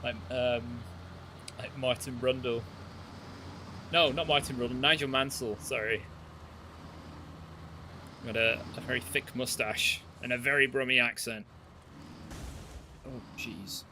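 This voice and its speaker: A man's voice: medium pitch, fairly even intonation, normal speed, pauses often, background noise. A man chatting in rambling asides as he plays a game on a live stream. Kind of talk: live gameplay commentary.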